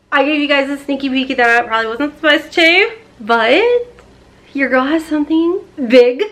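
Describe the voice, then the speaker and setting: Casting note: excitable high-pitched woman vlogger, 30s, rambling and gushing. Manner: bubbly, rambling, baby talk to her cat. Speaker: beauty vlogger. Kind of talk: chatty unboxing vlog.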